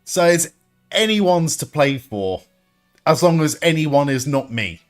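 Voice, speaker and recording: An excitable young man calls out the action in a lively, swooping voice that sits a little high for a man. He swears freely and laughs often, with faint music playing underneath. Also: unhurried. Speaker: streamer hosting a wrestling watch-along. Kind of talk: live reaction commentary and chat.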